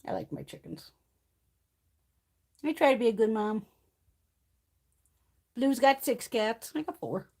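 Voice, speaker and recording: A woman's voice: fairly high pitch, big pitch swings, a little slow, gravelly, pauses often, darkish tone, breathy edge. A woman hosting a live stream from home, chatting casually, swearing freely and laughing often. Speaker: livestream host. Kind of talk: casual chat.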